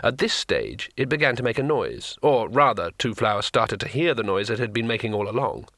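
A man's voice: mid-range voice, expressive, fairly quick, a bit bright, no echo. A man narrating an audiobook in a dry, wry storytelling manner.

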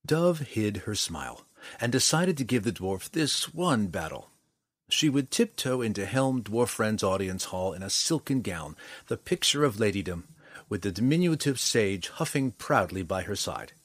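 A man narrating a fantasy story in an expressive storytelling manner. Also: fairly low pitch, normal speed, no room sound. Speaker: audiobook narrator.

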